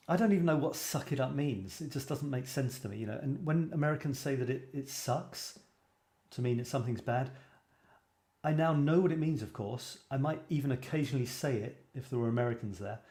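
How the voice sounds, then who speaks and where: A man's voice: mid-range voice, mellow. A British man hosting a casual photography show, rambling with self-deprecating asides. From Britain. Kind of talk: casual livestream chat. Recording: echoey room.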